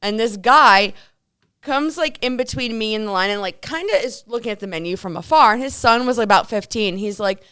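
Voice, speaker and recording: A woman's voice: fairly high pitch, lively intonation, fairly quick, a bit bright, clean tone, no echo, clean studio sound. A woman in her thirties co-hosting a casual talk show, telling stories animatedly and acting out the voices. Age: 30s. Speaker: radio and podcast co-host. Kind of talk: casual chat. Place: studio.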